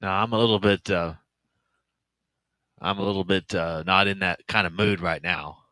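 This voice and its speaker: Low smooth-voiced guy co-hosting sports radio, laid back, short dry answers. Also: fairly even intonation, normal speed, sharp tone, no room sound. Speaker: radio co-host. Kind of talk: casual sports talk radio.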